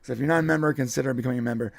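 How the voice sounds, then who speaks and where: A man's voice: medium pitch, racing, gravelly, no room sound. A man co-hosting a live podcast stream, chatting casually in a rambling way with frequent restarts and laughs. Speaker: podcast co-host.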